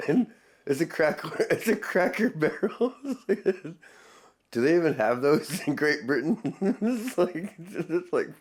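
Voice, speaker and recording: A man's voice: a little high, very animated, slow. A man hosting a casual reaction video, laughing often and rambling between remarks. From Texas.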